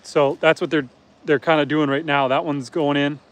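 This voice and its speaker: At normal speed and with fairly even intonation, a man with a slightly high voice talks through his farm chores on a live stream. He's from Canada, outdoors near a truck and pigs, chatting casually and reading viewer comments.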